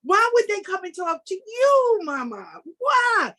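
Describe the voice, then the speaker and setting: A woman guest on a casual podcast, blunt and animated, acting out the people in her stories. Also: extremely high pitch, measured pace.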